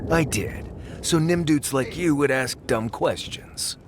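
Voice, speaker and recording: A man's voice: fairly high pitch, slow, slight background noise. A man voicing a sardonic male dwarf companion in a video game, with a dry, mocking manner.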